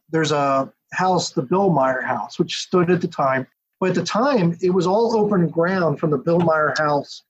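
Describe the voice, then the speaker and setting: A man, an author and historian, giving a detailed, steady account as a podcast interview guest. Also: on the high side, breathy edge. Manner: detailed, steady storytelling with asides. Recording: dull lo-fi audio.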